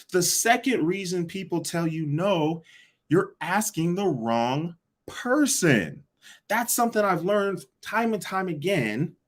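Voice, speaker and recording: A sales coach runs a live online sales session in an energetic, repetitive style, asking the audience to answer back. His voice sits on the high side.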